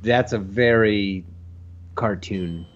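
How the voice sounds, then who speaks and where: A man's voice: lowish voice, takes it slowly, lo-fi sound. A man co-hosting a retro game show, bantering casually and wryly with jokes while his partner plays. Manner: wry, joking interjections.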